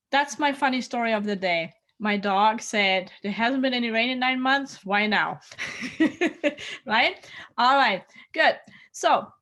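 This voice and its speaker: Woman host, chatty, upbeat, higher voice, casual livestream talk. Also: a bit bright.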